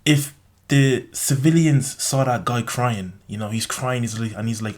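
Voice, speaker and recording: A man's voice: mid-range voice, moderate pace, a little mellow. Young man lecturing bluntly in a vlog. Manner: rambling, heavy use of "like" and tag "okay?". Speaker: vlogger. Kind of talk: casual opinion monologue.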